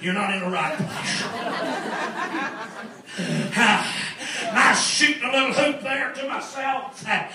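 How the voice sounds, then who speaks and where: A middle-aged man preaching a sermon as a story, exuberant, laughing often and breaking into shouted praise. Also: extremely high pitch, expressive, a little slow, a crowd in the background. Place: large church hall. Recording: echoey church, distant mic, congregation. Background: congregation responding.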